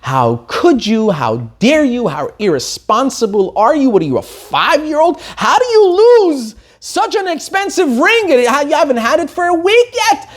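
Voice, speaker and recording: A man's voice: sing-song, moderate pace, few pauses. A man voicing an angry middle-aged aunt who berates a young bride. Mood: furious scolding. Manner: shrill, berating.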